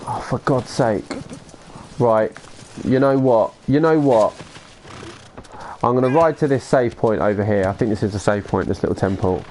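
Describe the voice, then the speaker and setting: A man's voice: on the low side, moderate pace, a little mellow, slight background noise. A man chatting casually through a live game stream, laughing along with chat and muttering to himself when he gets lost. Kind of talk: live gameplay commentary.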